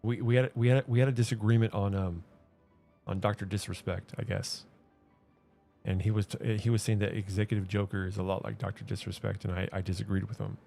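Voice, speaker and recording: A man with a low, gravelly, mellow voice talks while he plays, rambling through his stories. He trips over his words and restarts his sentences often. Quiet game music plays underneath. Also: level tone, fairly quick. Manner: hesitant, many restarts and fillers. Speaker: gaming streamer. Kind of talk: casual rambling chat while gaming.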